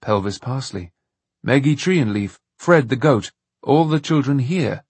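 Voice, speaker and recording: A man voicing a calm, thoughtful grown man who reasons things out, in an audiobook. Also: mid-range voice, measured pace, husky, no echo. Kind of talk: audiobook narration.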